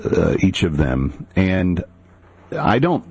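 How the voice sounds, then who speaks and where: A man co-hosting a podcast, replying in a hesitant, halting way with many fillers. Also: low voice, very animated, darkish tone, husky, no echo. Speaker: co-host. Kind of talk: podcast discussion.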